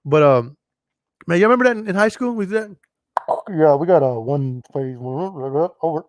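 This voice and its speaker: On his podcast, a man with a higher-leaning voice tells a long story at normal speed, with no echo in the recording. The casual monologue rambles, swears freely and repeats itself.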